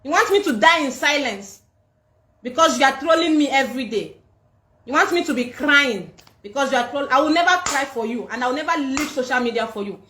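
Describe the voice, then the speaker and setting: A woman's voice: high voice, fairly bright tone, slight background noise. Defiant Nigerian woman ranting on a livestream. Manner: defiant, scolding, repetitive. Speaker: livestream host. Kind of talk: livestream rant. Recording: echoey room.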